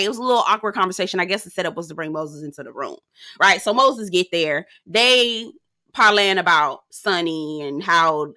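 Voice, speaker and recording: A woman dishing on a reality show with bright, forceful energy and a dry, close sound. She is sassy and outspoken, swears freely and tells it like juicy gossip to her viewers. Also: lowish voice, dry recording. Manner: animated, gossipy storytelling. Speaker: reality TV recap host. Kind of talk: casual commentary.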